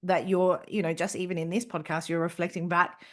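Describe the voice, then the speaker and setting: A woman's voice: on the low side, level tone, brisk, a bit bright. A woman hosting a podcast, speaking reflectively and hesitantly. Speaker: podcast host. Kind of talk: podcast conversation.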